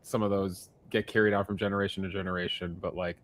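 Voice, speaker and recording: A man's voice: deep voice, level tone, fast. A man co-hosting a podcast, talking in a casual, chatty way and laughing often. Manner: chatty, laughs often, tells jokes with put-on voices. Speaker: podcast co-host. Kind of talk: casual chat.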